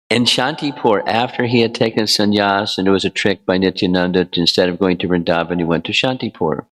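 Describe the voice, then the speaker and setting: Low-voiced man giving a devotional lecture. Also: moderate pace, long pauses, low-quality recording. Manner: relaxed, banters with the audience. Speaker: spiritual teacher.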